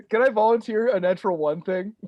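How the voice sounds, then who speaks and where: Young male player, high voice, dry close sound, playful jokes. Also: a little fast, no room sound, muffled recording. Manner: joking, playful. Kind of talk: casual tabletop role-play.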